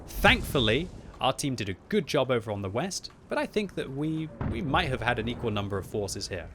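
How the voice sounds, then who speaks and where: A man giving live gameplay commentary at home, thinking aloud and breaking into loud frustrated yelling. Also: mid-range voice, brisk. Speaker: gaming video host. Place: upstairs room at home. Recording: steady game noise behind the voice.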